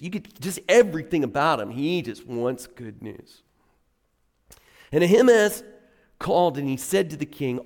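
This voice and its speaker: Gravelly-voiced pastor preaching in a hall. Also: male voice, fairly high pitch, measured pace. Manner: conversational storytelling, animated emphasis. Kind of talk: sermon. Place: church sanctuary. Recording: long reverb of a church hall.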